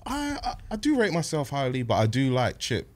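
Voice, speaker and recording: A man, a guest in a casual podcast chat, talking in a relaxed, thoughtful way with many fillers. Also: mid-range voice, brisk.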